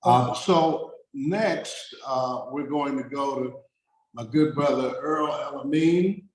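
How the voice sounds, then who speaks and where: A man's voice: medium pitch, slow, roomy sound, rough recording. A man hosting an online event, speaking with frequent exclamations. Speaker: event host. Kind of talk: casual hosting.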